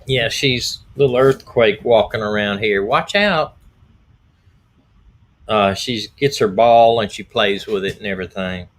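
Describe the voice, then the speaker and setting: A middle-aged man, slightly hoarse, hosting a rambling, folksy live stream as a retired detective. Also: on the low side, measured pace. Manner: folksy, rambling, repeats himself. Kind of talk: casual live-stream talk.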